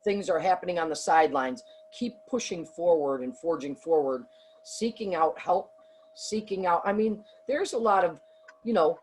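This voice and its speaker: A woman's voice: on the low side, expressive, normal speed, a little mellow, a little hiss or hum, low-quality recording. A middle-aged woman, a business owner, answering interview questions in an earnest, rambling way with many fillers and restarts. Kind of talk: conversational interview.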